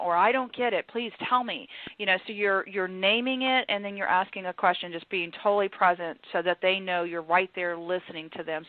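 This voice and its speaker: A woman's voice: medium pitch, no room sound. Texan woman hosting over a phone line. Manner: chatty, many restarts and fillers, acts out quotes. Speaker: radio show host. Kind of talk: casual panel talk on conflict coaching. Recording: tinny phone-line internet radio.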